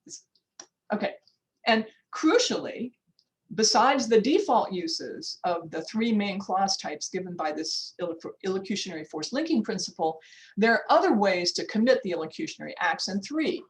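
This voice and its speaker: A woman's voice: mid-range voice, expressive, moderate pace, poor audio. Older woman giving a chatty academic lecture. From United States. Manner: informal and chatty, with asides like "duh" and "okay?"; frequent restarts, checks the time aloud. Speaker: linguistics professor giving a workshop talk.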